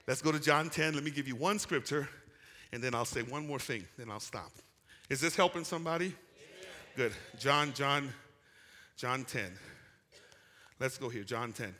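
A man preaching a sermon, calling out to his congregation for responses and building from quiet talk to shouting. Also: mid-range voice, in a large hall. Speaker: pastor. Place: church sanctuary.

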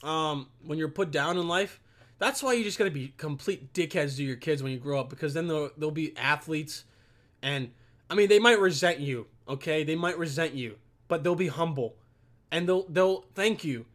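A man's voice: a little high, normal speed, fairly bright tone. Swearing, rambling young man. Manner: profane, rambling, swears constantly. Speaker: vlogger. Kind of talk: casual rant to camera. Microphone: camera set on a computer.

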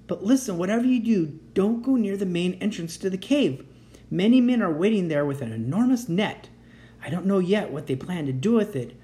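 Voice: mid-range voice, warm tone, voice pushed up, natural voice. A storyteller voicing a small young male dragon who speaks with earnest, breathless urgency. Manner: eager, pleading, breathless urgency.

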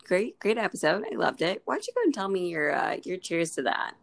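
A woman's voice: fairly low pitch, lively intonation, brisk, gravelly. A young woman co-hosting a podcast in casual chat, joking, swearing and laughing often. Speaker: podcast co-host.

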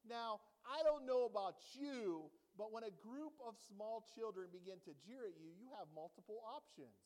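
A male pastor preaching a sermon to a congregation in a church, animated and joking, often checking in with the audience. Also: high voice, moderate pace, big-room sound.

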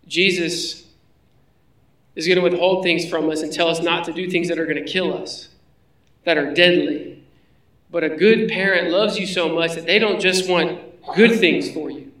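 Guy preaching a sermon, pretty high voice, roomy echo, mic kinda far off. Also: fairly bright tone. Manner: conversational preaching, rhetorical questions. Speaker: pastor.

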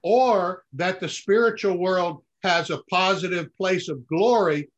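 A man's voice: high-pitched, unhurried. A man who is a podcast guest in casual conversation, adding short reflective remarks and agreements. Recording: muffled lo-fi audio.

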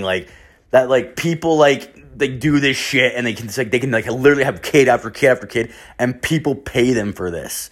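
A man spins a long, rambling story, swearing freely and leaning on "like" as he goes. He talks at a plain middle pitch, loose and unscripted, partly from a bathroom. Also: normal speed. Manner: rambling, heavy swearing, constant "like" fillers. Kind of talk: casual profane anecdote.

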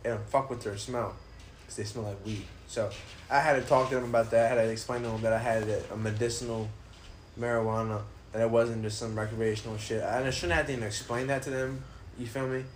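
A man's voice: mid-range voice, steady tone, quick pace. Male podcast host, loose rambling talker, light background hiss. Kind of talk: casual podcast chat. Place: apartment room.

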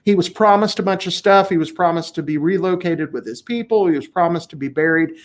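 A man's voice: a little high, brisk. Blunt, profane man in casual talk. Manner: blunt, profane, emphatic, laughs often. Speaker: podcast co-host. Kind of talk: casual political chat.

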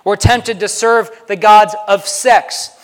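A man's voice: sits high, steady tone, slow pace. A male pastor preaching a sermon in a conversational way, often checking in with the congregation by asking "right?". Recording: long reverb of a large hall.

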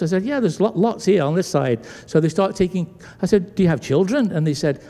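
A British pastor preaches a sermon in a church sanctuary, animatedly telling a story and acting out the voices of its characters. His voice is on the high side and fairly quick, with few pauses. The recording carries the long reverb of a church hall.

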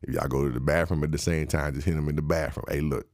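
A young man, giving a wry, mock-instructive comedic rant that jumps high in pitch for emphasis. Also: fairly even intonation, quick pace, a little mellow, no room sound, clean studio sound.

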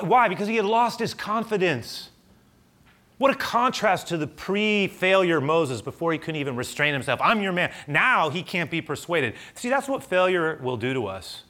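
A pastor giving a sermon in a church, conversational, full of asides and rhetorical questions. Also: male voice, on the high side, very animated, unhurried, fairly bright tone.

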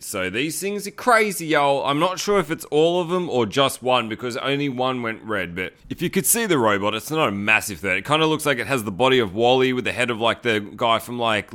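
A man's voice: medium pitch, sharp tone, smooth. A man giving a casual, rambling movie recap, loose and full of fillers and mild swearing. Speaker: movie reviewer.

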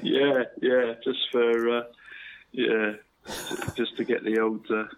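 A man's voice: mid-range voice, little pitch movement, slow pace, lo-fi sound. A man co-hosting a local football radio show, chatting in a matey, jokey way and laughing often. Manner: matey, laughing, says "mate" constantly. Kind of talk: casual chat.

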